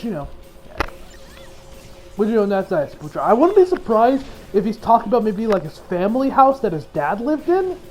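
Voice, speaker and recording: High-voiced man rambling through an anime review. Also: a little mellow, poor audio. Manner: rambling, frequent restarts, laughs often. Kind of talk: casual episode review.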